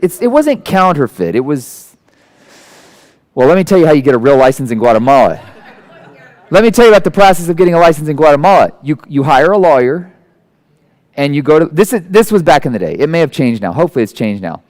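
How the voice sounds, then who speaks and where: A man in his forties giving a conversational sermon, animated and self-deprecating, acting out the people he quotes. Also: fairly high pitch, fast talker. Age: 40s. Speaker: guest preacher.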